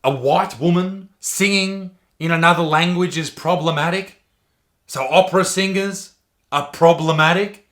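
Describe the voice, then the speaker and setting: Bright, high-voiced mocking man. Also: unhurried. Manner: profane, mocking, sarcastic. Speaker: comedian commentator. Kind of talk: ranting commentary video.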